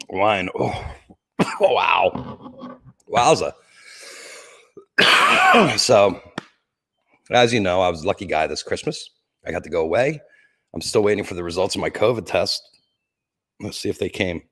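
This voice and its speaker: A middle-aged man chats casually to his livestream viewers from beside his Christmas tree. His voice sits a little low, and he rambles from joke to joke, greeting people by name. He coughs now and then between lines. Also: huge pitch swings, takes it slowly, long pauses, bright, forceful tone, breathy edge. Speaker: livestream host.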